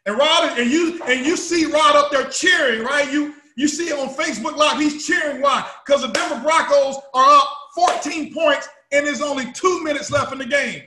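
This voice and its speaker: High-pitched man giving a fired-up pep talk. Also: normal speed, hardly any pauses, echoey room. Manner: emphatic, repetitive, bursts into shouting. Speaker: company founder speaking to his team. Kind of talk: motivational speech to a live audience.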